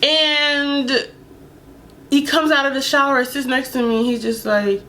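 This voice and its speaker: A young adult woman telling a candid, animated storytime vlog, sometimes laughing and dropping to a whisper. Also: high voice, normal speed, a little hiss or hum. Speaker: vlogger.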